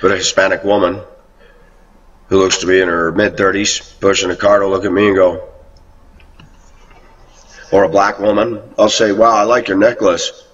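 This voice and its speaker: A low, husky man rambles on at length, slipping into a higher voice whenever he quotes someone. He sounds set back from the mic on a dull, lo-fi recording. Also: level tone, moderate pace, long pauses. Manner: rambling, quotes others in raised voice. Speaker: video blogger. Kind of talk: rambling monologue. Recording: muffled, distant lo-fi recording.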